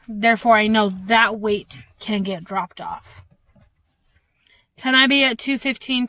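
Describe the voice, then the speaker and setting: A young woman speaks candidly to her camera at home, halting often with fillers. Her voice sits a bit high, and the sound is dry and close. A lingering cough and slight breathlessness color her talk. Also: a bit bright, no room sound. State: ongoing cough, short of breath. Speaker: vlogger. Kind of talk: casual personal update.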